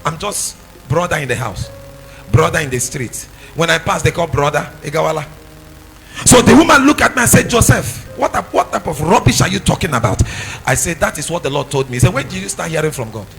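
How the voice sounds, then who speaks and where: Man, preacher, high voice, gravelly, lively swings, sings and shouts phrases. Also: fairly quick, faint music behind, poor audio. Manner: storytelling with rising shouts and sung phrases. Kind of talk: sermon testimony.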